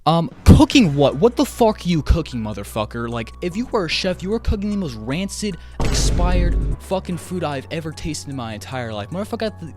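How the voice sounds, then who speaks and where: A man's voice: fairly high pitch, darkish tone. A man ranting in an online commentary video, exasperated and swearing heavily as he jumps between tangents. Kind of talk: profane commentary rant.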